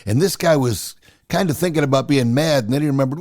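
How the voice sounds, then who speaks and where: A man in his sixties casually telling personal stories in an animated, chatty way. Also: medium pitch, fast, vocal fry. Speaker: storyteller.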